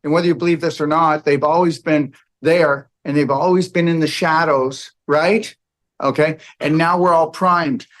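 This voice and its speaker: A man's voice: a little high, steady tone, moderate pace, a bit bright. A man giving a rambling, emphatic lecture to a live audience, often checking in with okay and all right.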